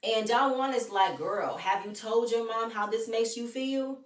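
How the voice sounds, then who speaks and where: A woman's voice: fairly high pitch, a little slow, far from the mic. Opinionated woman in a roomy, echoey room. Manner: animated and opinionated, addresses people directly. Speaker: reality TV recap host. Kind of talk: casual recap commentary. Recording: roomy echo, off-mic.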